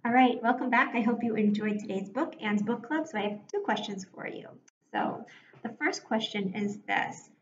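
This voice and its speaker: A woman teaching a recorded reading lesson for young children, speaking slowly and clearly, encouraging them and pausing for their answers. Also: on the high side. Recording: echoey room, dull sound, faint hiss.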